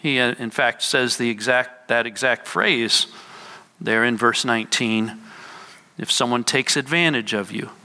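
Bright-voiced man preaching in a hall. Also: mid-range voice, unhurried. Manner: explains scripture, voices quoted lines with emphasis. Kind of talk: sermon teaching. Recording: hall reverb.

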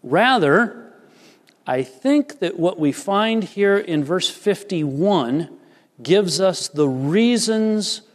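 Pastor, male, fairly high voice, earnest emphatic sermon delivery in a reverberant hall. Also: animated, extremely slow. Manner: earnest, emphatic preaching with varied pace. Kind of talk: sermon with scripture reading.

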